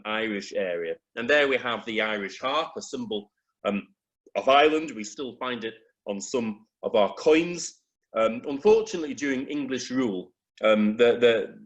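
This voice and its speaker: A man giving an illustrated history talk in a chapel, hesitant, with frequent pauses and restarts. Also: lowish voice, fairly bright tone. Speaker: preacher.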